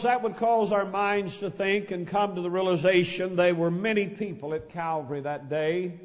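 A man, a pastor, reading scripture, praying and preaching a sermon in an earnest, measured way in a church. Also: sits high. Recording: lo-fi audio with long hall reverb.

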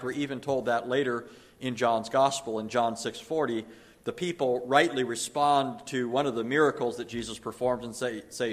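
A man gives an expository Bible lesson in a mid-range voice. He explains earnestly, often pausing on "uh" and restarting his phrases as he thinks. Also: mid-range voice, a bit bright. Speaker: Bible teacher.

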